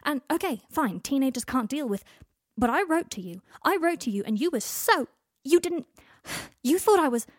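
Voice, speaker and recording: A woman's voice: mid-range voice, quick pace, few pauses, no room sound, natural voice. Woman reading as a blunt hotheaded young guy snapping back, dry close voice. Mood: heated. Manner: blunt and defensive. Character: blunt, defensive young man, quick-tempered.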